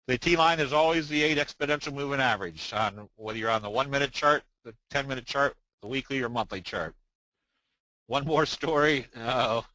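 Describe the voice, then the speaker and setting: An older man talks through a trading webinar in a loose, folksy way, full of fillers and little jokes. His voice is bright and forceful, with a dry close sound. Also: medium pitch, dry recording, low-quality recording. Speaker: trading presenter. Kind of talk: webinar presentation.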